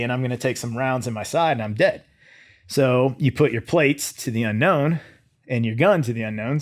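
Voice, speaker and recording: Animated man telling a war story. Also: medium pitch. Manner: animated storyteller, acts out his own thoughts in quotes. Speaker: guest, former Green Beret. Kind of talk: storytelling interview.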